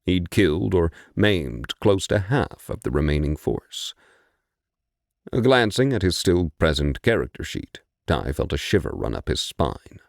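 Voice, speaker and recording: A male audiobook narrator with a deep, low-set voice that moves a lot in pitch as he tells the story. He reads in a measured, expressive way, and the recording is close and dry. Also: vocal fry, dry recording. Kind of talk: scripted narration.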